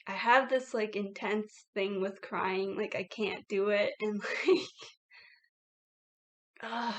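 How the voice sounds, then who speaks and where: Woman vlogger, unhurried, mid-pitched, filler-heavy confessional chat. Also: a bit bright. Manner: reflective, heavy "like" fillers, laughs between thoughts. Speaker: YouTuber. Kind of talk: casual confessional vlog talk.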